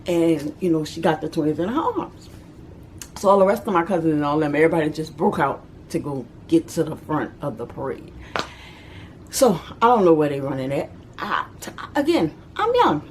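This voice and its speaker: Lively New woman storyteller. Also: deep voice, moderate pace, a little hiss or hum. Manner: animated, acts out voices and shouts. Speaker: vlogger telling a childhood story. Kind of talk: casual storytime.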